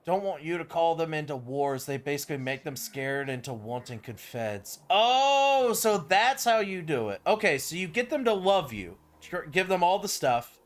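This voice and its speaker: This young game streamer talks casually over his strategy game in a slightly high voice with big pitch swings, at a moderate pace with hardly any pauses. His commentary rambles, swears freely, and is stuffed with fillers.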